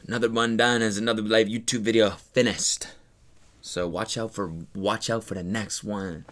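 A man's voice: lowish voice, flat delivery, moderate pace, fairly bright tone. A man hosting a reaction video, talking casually, incredulous, swearing often and laughing along.

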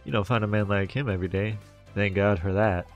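A man putting on a prim, disapproving older mother with a scolding, snooty manner. He keeps his own low, gravelly voice, and faint game music sits beneath. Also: steady tone, fairly quick, lo-fi sound, close to an everyday voice.

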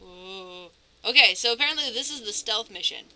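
A woman's voice: on the high side, expressive, fast talker, sharp tone, poor audio. A woman commentating her game playthrough, chatty and narrating her moves, with nervous reactions. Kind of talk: let's play commentary.

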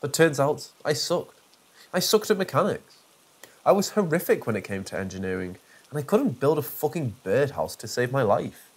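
A man voices a nasal, self-satisfied villain for a spooky story reading, using a lively sing-song delivery with a husky edge. Smug and theatrical, the character monologues about himself with pompous relish. The voice is mid-range at a normal speed.

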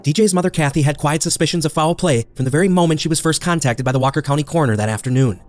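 Fast-paced male true crime narrator. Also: a little high, darkish tone, no echo, faint music behind. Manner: brisk, measured storytelling. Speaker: podcast host and narrator.

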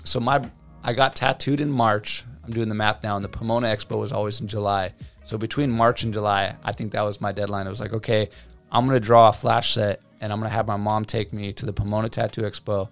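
Lively storytelling man, low voice. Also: fairly quick, creaky, faint music behind. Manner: animated storyteller, acts out quotes, many fillers. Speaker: guest, tattoo artist. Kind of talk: casual storytelling interview.

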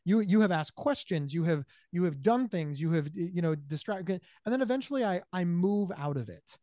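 A man speaking as an advocate in an interview, explaining with lively acted-out dialogue, often stumbling over first words and asking "right?". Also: high-pitched, brisk, no room sound. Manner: animated, acts out dialogue in changing voices; repeats words at starts, checks in with "right?". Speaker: bipolar disorder advocate. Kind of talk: conversational interview answers.

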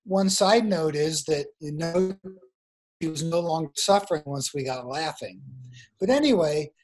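A man with a fairly high, expressive voice speaks at a measured pace with a slightly mellow tone. He's a guest author being interviewed over a remote internet call from somewhere in the mountains, telling a long, meandering story and frequently restarting his sentences.

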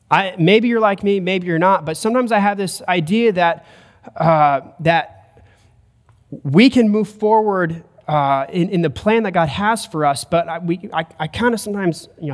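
A male pastor preaches with an earnest, emphatic delivery, his voice sitting a little higher than most men's. The sound rings with a long reverb, as in a church hall. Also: normal speed. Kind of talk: sermon. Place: church sanctuary.

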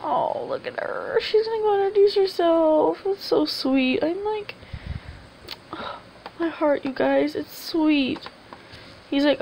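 A woman's voice: sits high, takes it slowly, creaky, darkish tone, slight background noise, low-quality recording. A woman giving casual, rambling commentary over her game and coaxing the characters aloud. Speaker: gameplay video host. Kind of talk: casual let's-play commentary.

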